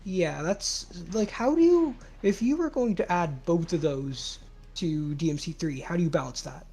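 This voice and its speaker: A man's voice: fairly high pitch, expressive, normal speed, mellow, slightly rough. A man in a casual stream discussion, rambling and argumentative, restarting his sentences as he makes his point. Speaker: co-host in a game modding discussion.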